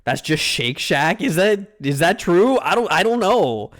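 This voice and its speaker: Animated ranting young male streamer. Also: high voice, measured pace. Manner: ranting, mock-outraged, swears freely. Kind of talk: casual stream commentary.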